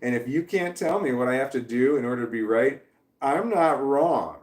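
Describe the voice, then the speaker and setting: A man's voice: mid-range voice, fast, roomy sound. A man on a casual livestream, ranting heatedly and swearing, with laughs between sentences. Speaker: vlogger.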